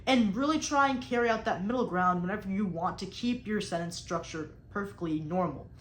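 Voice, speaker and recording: A woman's voice: medium pitch, brisk, reverberant. A young woman who coaches debate, explaining speaking technique in an instructional talk and stressing key words on purpose. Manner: explanatory, emphatic, varies tone on purpose.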